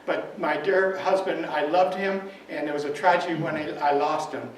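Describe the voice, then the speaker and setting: Man doing an upbeat widowed florist lady, heartfelt, slightly high, echoey hall, far from the mic. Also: steady tone, moderate pace, slight background noise, close to an everyday voice. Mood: reflective. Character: cheerful widowed woman florist, middle-aged.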